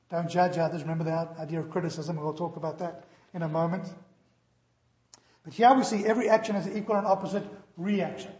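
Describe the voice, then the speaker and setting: A man preaching a sermon and telling a lively story, acting out the voices in it. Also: a little high, fairly quick, long pauses. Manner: animated, acts out story voices. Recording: echoey hall.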